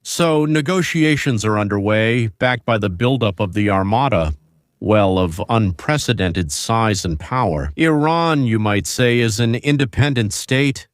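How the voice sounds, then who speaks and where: A male host delivers opinionated political commentary in a low voice. He builds his points through rhetorical questions and scenarios aimed at the viewers. The recording is dry and close. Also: animated, a little slow, smooth, dry recording. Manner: rhetorical, addresses viewers directly with hypotheticals.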